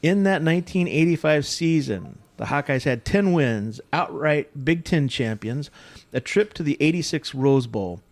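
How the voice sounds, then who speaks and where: A man's voice: fairly high pitch, lively intonation, unhurried. A man hosting a podcast, chatting casually with his co-hosts and then reading a guest introduction. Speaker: podcast host. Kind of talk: casual chat and show intro.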